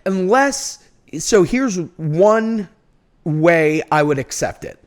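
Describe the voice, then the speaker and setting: A man's voice: high voice, slow. Chatty man with a Boston accent. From North Shore of Massachusetts. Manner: animated storyteller, laughs easily. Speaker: podcast guest. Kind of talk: casual chat.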